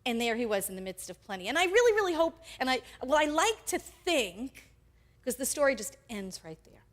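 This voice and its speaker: A woman pastor preaches a sermon, her voice riding high and swinging widely from phrase to phrase. She talks in an animated way and slips into the voices of the people in her story. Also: brisk. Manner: animated, acts out quoted characters.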